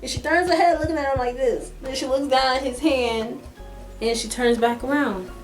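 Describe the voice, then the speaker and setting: This young woman has a high-pitched voice and a moderate pace, with faint music behind her. She tells her viewers a casual, dramatic story in a chatty style, using "like" again and again.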